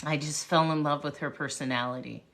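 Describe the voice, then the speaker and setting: A woman speaker telling a personal story on a livestream, lively and full of asides to viewers. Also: deep voice, brisk, creaky. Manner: animated, jumps around, greets viewers. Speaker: motivational speaker, livestream host.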